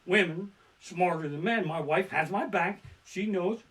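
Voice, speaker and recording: A man doing stand-up storytelling from his living room, ranting and swearing as he swings between muttered asides and loud outbursts. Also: high-pitched, measured pace. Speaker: stand-up comedian. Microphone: barebones home setup.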